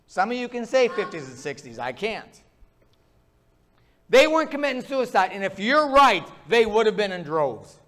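A man preaching with a noticeably high-pitched voice, ranting with fervor. He pounds the pulpit as he drives his points home in a sermon. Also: big pitch swings, normal speed, bright, forceful tone. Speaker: pastor.

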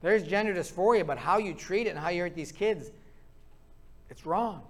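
A man's voice: sits high, normal speed. A man preaching a sermon, impassioned and ranting as he pounds the pulpit. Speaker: pastor.

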